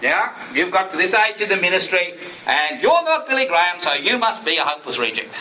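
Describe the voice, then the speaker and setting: A male pastor preaches earnestly in a slightly high, bright, forward voice. Now and then he acts out inner voices in sudden higher bursts. A big echoey hall carries his words over a faint hum. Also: sing-song, fairly quick, recorded from a distance. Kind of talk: sermon.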